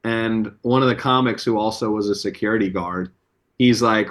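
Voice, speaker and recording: A comedian on a podcast, telling rambling, profane anecdotes with plenty of fillers. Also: male voice, on the low side, normal speed, a bit bright. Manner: loose, profane storytelling with many fillers. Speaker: comedian guest.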